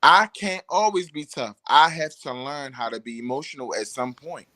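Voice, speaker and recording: A man's voice: medium pitch, animated, moderate pace, bright, forceful tone, no room sound. A man speaking as a podcast guest, casual and reflective, working through his thoughts aloud. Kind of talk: casual chat.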